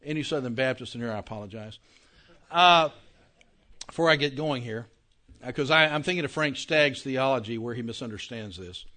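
A man giving a Bible class lecture in a conversational way, often checking that his listeners follow and slowing down to stress key words. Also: medium pitch, sharp tone. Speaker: Bible teacher.

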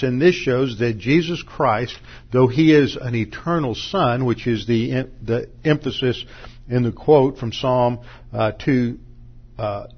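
A man's voice: mid-range voice, dull audio. A man teaching from the Bible, working methodically through Greek verb grammar, with small restarts along the way. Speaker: pastor.

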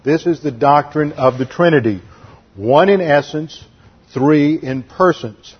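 A man's voice: a little high, unhurried, breathy edge, muffled recording. A man teaching a methodical expository sermon, listing numbered points and spelling out words. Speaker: Bible teacher.

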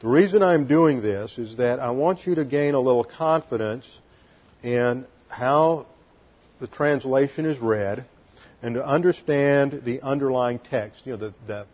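Male pastor, teaching sermon, Hebrew grammar explained step by step, mid-pitched voice, muffled lo-fi sound. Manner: explains Hebrew grammar slowly, spells out letters.

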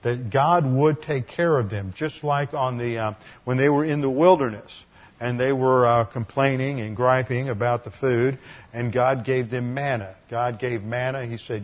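A man's voice: medium pitch, fairly even intonation, normal speed, lo-fi sound. A man preaching an expository sermon, earnest teaching broken by wry asides. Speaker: pastor.

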